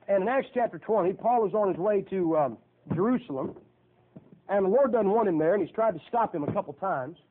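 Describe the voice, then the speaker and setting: Male preacher, high voice, folksy and emphatic, phone-thin audio. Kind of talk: sermon. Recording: tinny phone-like lo-fi recording.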